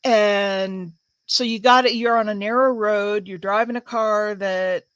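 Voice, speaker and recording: A woman from the United States chats on a home crafting livestream, rambling through stories with plenty of fillers. She talks slowly, and her middle-pitched voice sounds dry and close. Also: steady tone, smooth, dry recording. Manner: rambling, chatty storyteller with fillers. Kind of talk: casual chat while crafting.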